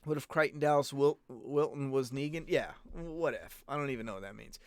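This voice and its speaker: A man's voice: medium pitch, a little fast, darkish tone, no room sound. A man hosting a casual live-stream Q&A, talking bluntly and rambling, with plenty of swearing. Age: adult parent. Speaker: host answering viewer questions.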